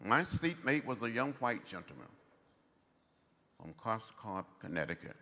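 Man in his seventies, commencement speech, slow emphatic phrasing, lively rising and falling pitch, long echoing reverb. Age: 70s. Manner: slow, emphatic oratory in short measured phrases. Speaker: commencement speaker. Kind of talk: commencement address.

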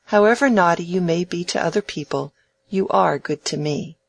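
A reader voicing a proud, sharp-witted young woman in a novel, speaking crisply and earnestly with a teasing edge. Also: mid-range voice, moderate pace. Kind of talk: audiobook dialogue reading.

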